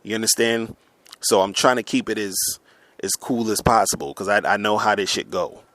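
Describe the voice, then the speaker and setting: A man's voice: on the low side, fairly even intonation, normal speed, a bit bright, dry recording. Angry, profane man ranting. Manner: angry, profane, stumbling restarts. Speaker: online men's coach. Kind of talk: heated monologue rant. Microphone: audio recording for upload.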